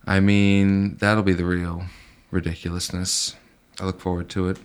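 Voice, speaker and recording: Man, podcast co-host, laid-back dry remarks, casual chat, lowish voice. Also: level tone, normal speed, clean tone.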